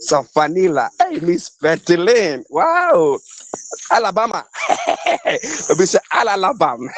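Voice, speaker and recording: A man's voice: high voice, dry recording. Man greeting viewers, often laughing. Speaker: show correspondent. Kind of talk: casual live online show. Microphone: phone on weak network.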